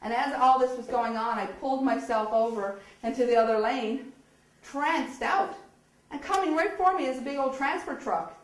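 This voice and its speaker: A woman giving a lively storytelling speech, often laughing and acting out the voices of people in her story. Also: sits high, normal speed. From eastern Canada. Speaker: speaker telling her story. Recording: echoey hall, distant mic.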